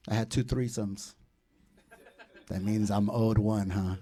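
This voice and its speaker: A man in his thirties hosting a comedy show, doing loud, profane, teasing crowd work from a club stage. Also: lowish voice, a little slow, pauses often.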